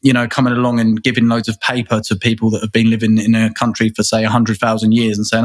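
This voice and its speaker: A man's voice: on the low side, flat delivery, fast. A man, a guest in a casual interview, talking earnestly and rambling, often repeating words and restarting. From England.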